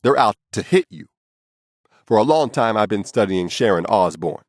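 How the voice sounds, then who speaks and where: Low-voiced man reading his blunt memoir. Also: lively intonation, moderate pace, no room sound, studio quality. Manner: blunt, casual and profane storytelling. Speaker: memoir narrator. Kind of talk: audiobook memoir narration.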